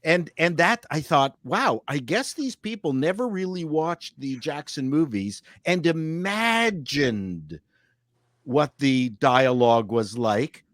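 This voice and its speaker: Animated male panelist with a lively, fairly high voice, dry close mic; laughs and restarts a lot. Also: slow pace, no room sound. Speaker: podcast panelist. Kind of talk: casual panel chat.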